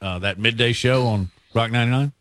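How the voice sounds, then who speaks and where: A man's voice: medium pitch, fairly quick, a bit bright, dry recording. A male radio host reminiscing on air in a casual, storytelling way, chuckling and drawing out his punchlines.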